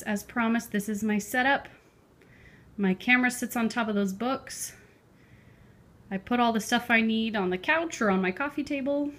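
Young woman chatting to her phone on the living room floor, sweet and personal, goes soft and hushed now and then. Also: fairly high pitch. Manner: chatty and heartfelt, drifting soft and hushed at times. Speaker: craft vlogger. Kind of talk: casual chat to camera. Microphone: phone camera on a stack of books.

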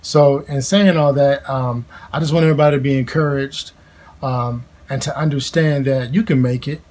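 A man in his thirties sharing a family story in a casual, heartfelt chat at home, halting with many fillers and restarts. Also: medium pitch, fairly even intonation, a little mellow.

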